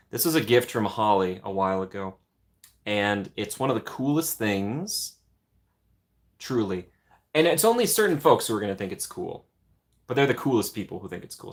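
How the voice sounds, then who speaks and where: A man with a slightly low-pitched voice hosts a casual livestream. He chats easily, reads viewer comments and answers them, and he sounds like he is speaking into a home streaming mic. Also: animated, brisk. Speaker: livestream host.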